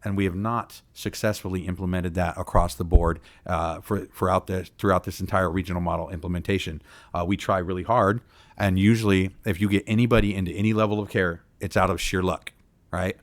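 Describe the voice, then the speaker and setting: A man with a fairly low voice speaks on a community health panel. He explains things earnestly, pausing on "uh" and "um". The sound is dry and close. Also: steady tone, dry recording. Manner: earnest, explanatory, with frequent fillers. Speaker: treatment provider on a panel. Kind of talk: panel discussion talk. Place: community town hall.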